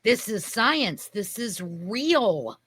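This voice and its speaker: A woman's voice: medium pitch, big pitch swings, drawn-out words, a bit bright, husky. A woman co-hosting a casual podcast chat, emphatic and prone to trailing off while she hunts for things. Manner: emphatic, searches for things mid-sentence. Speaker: podcast co-host.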